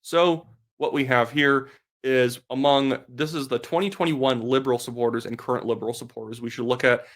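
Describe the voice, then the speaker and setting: A young man from Canada talks politics in a blunt, sarcastic, dismissive way. His voice sits at an ordinary male pitch. His delivery is casual, and he fills it with quick "like"s. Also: fairly even intonation, fairly bright tone. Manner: fast talk with many filler "like"s. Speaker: political commentator. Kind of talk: casual opinion commentary.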